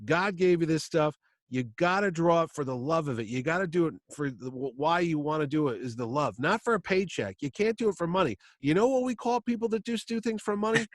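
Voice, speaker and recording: A sputtering older artist who scolds in shrill bursts of repeated words, as a man puts him on. He climbs far above his normal pitch, and the lecture comes out preachy and exasperated. The room sounds close and dry. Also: lively intonation, brisk, no echo, natural voice. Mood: lecturing.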